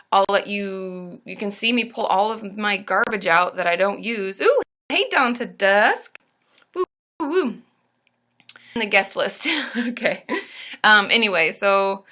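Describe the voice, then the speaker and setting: Woman therapist, livestream host, bright forceful tone, bubbly and casual, cheers viewers. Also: mid-range voice. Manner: bubbly, cheers viewers with squealed woo woos, swears casually.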